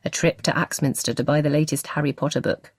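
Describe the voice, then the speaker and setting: A woman narrating a novel as an audiobook, with expressive storytelling. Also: deep voice, fast talker, no echo, clean studio sound.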